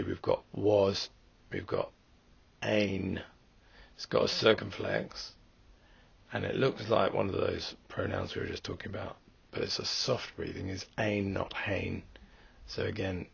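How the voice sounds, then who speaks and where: Gravelly low-voiced man teaching. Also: highs cut off. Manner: methodical, explains step by step. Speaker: Greek teacher. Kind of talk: recorded lesson walkthrough.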